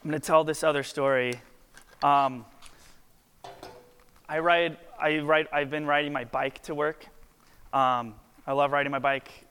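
A man's voice: fairly high pitch, a bit bright, clean tone. A man in his twenties, a worship pastor telling a story in a casual, chatty sermon full of filler words. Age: 20s. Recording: long hall reverb.

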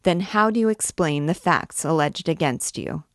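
A woman's voice: deep voice, animated, moderate pace, no echo, studio quality. A woman voicing a stern male court president who speaks solemnly and coldly. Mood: blunt. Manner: solemn, cold.

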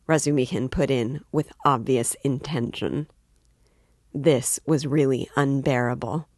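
A woman reading a classic novel aloud in steady, measured narration. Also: a bass voice, dry recording, studio quality. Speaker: book reader.

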